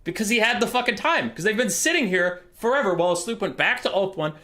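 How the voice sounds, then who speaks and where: A man's voice: high voice, expressive, quick pace, pushed and bright. A man streaming a strategy game, telling a rambling, sweary comic story as he plays.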